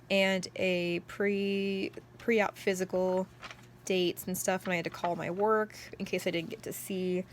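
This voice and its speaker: Young adult woman, casual vlog chat, mid pitch, excitable and rambly with constant filler words. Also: a little hiss or hum. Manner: excitable storyteller. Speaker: journal vlogger.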